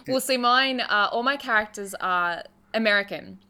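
A woman's voice: fairly high pitch, moderate pace, sharp tone. A woman in her twenties with an Australian accent, hosting a casual interview in a chatty, self-deprecating way. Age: 20s. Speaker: podcast host.

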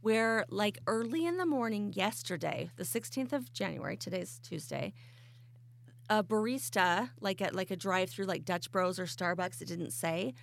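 Female co-host, chatty and filler-heavy, creaky voice. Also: mid-range voice, lively intonation, moderate pace. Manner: chatty storyteller, lots of "like". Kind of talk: casual group chat.

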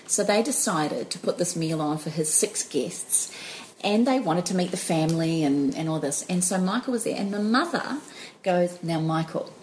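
A woman, telling stories in an animated, laughing way as a guest in a casual chat. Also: on the low side, normal speed, slight background noise, rough recording. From New Zealand. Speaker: podcast guest.

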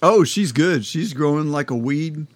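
A relaxed man speaking slowly and unhurriedly in a casual podcast chat. His voice sounds dry and close, with no room around it. His pitch is middling. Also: no room sound. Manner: relaxed, measured, short replies. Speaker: podcast co-host.

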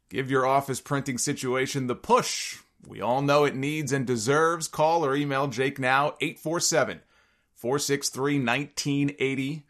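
Male podcast host, mid-pitch, casual and jokey, rattles through name lists and ad reads. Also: a bit bright. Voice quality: sometimes gravelly low notes. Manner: jokey wrestling-fan banter, rattles off listener names.

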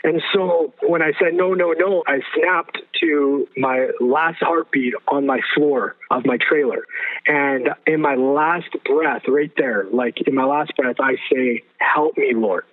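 A man's voice: medium pitch, takes it slowly. A man telling his personal testimony as a guest, earnest and vivid, repeating phrases for emphasis. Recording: phone-like narrow sound.

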